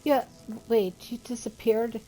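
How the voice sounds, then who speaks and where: A woman's voice: fairly high pitch, slow, mellow, soft background music. Playful, teasing woman streamer. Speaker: streamer and co-player. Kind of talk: casual gaming chat.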